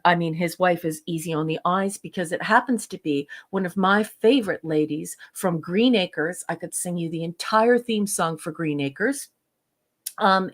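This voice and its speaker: A woman co-hosting a casual podcast, reviewing a TV episode in a gushing, rambling way with many fillers. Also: fairly low pitch.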